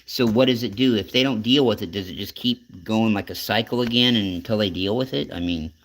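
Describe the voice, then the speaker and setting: Man, talk show host, casual interview, rambling questions, lower voice. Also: brisk, a little hiss or hum. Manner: rambling, restarts questions, swears.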